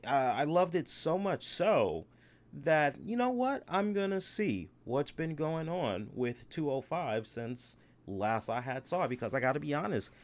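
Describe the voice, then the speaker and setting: Animated man rambling through a wrestling review. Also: on the high side, unhurried. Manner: animated, rambling, repeats phrases. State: tipsy after one beer, hiccuping. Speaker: wrestling show host. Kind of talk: live solo aftershow review.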